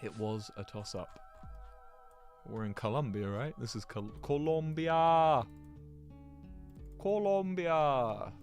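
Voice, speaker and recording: A man's voice: on the low side, unhurried, pauses often, darkish tone, soft background music. A man giving rambling, chatty commentary to his viewers while he plays a geography game, laughing often. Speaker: streamer.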